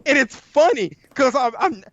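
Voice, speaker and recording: A man co-hosting a podcast, telling a nightmare story in an animated, profane way and acting out his own lines. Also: very high voice, normal speed, no echo. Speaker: podcast co-host. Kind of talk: casual storytelling chat. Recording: dull lo-fi audio, dry.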